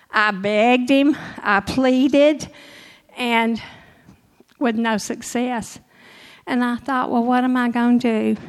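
Older woman, church testimony, emotional storyteller, slightly high voice. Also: poor audio. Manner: emotional, storytelling with laughs and quoted dialogue. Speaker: church member giving testimony.

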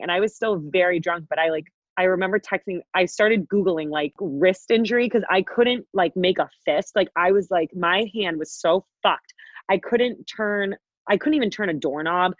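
A woman's voice: fairly low pitch, dry recording. A young woman in her twenties, a podcast co-host, telling a story in casual chat, rambling and swearing with lots of fillers. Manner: rambling, profane, peppered with "like". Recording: dull, dry podcast audio.

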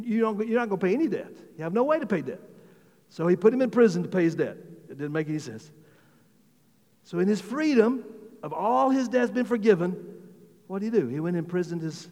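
A high-pitched man delivering a sermon in a hall with a long, lingering reverb. He preaches in a loose, conversational way, stumbling over restarts and repeating words, and his voice climbs and grows louder when he exclaims. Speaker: pastor.

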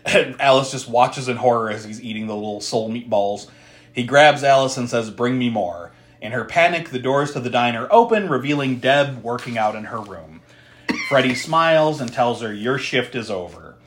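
A man's voice: medium pitch, normal speed, slight background noise. A man co-hosting a podcast, casually retelling a horror film's plot with frequent laughter and swearing. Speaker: podcast co-host recapping a film.

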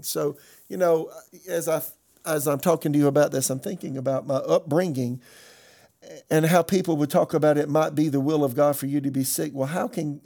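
A man preaching a sermon in a slightly high, gravelly voice. He reads scripture aloud and makes his points with emphasis, building his argument step by step as a pastor speaking to his congregation. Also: a little mellow.

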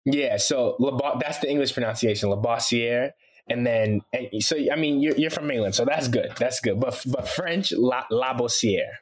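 A man chatting as a guest in an interview, easy and unhurried. His talk is loose and slangy, sprinkled with "you know" as he thinks aloud. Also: mid-range voice, slightly rough. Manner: relaxed, loose slangy talk with many fillers. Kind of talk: casual interview chat.

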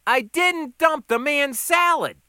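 A man's voice: on the high side, sing-song, normal speed, bright, forceful tone, no echo. A man voicing a smart-mouthed, stocky new cook near forty who stays unflustered. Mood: defensive. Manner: unflustered, dry wisecracks.

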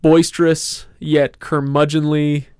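A man with a smooth, resonant voice, pitched a little above most men, hosts a relaxed book discussion. He keeps the talk moving with questions to his co-hosts, and the sound is close and dry with no room around it. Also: slow pace, no echo. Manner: leading questions, self-deprecating jokes. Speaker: podcast host.

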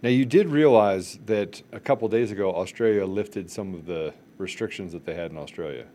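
A man with a fairly low voice holding forth on a casual political podcast. He speaks with passion, circling back and repeating phrases to drive each point home. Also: fairly quick, mellow, a little hiss or hum. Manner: impassioned, repeats phrases for emphasis. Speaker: podcast co-host.

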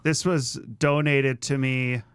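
A man co-hosting a casual podcast chat, jokey and quick to laugh. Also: medium pitch, fairly even intonation, smooth, no echo. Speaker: podcast co-host.

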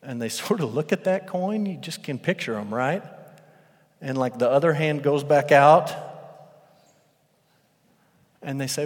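A male pastor preaching a sermon, telling a parable as a lively storyteller who acts out the characters' voices. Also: a little high, measured pace, pauses often. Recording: long reverb of a large hall.

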